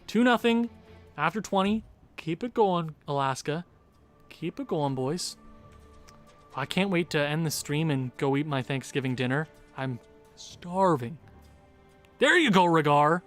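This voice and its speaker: A man's voice: fairly high pitch, lively intonation, a little slow, pauses often, a bit bright, soft background music. A man commentating his own hockey video game stream live, groaning and cheering at each goal, his voice wearing out. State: losing his voice. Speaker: gaming streamer.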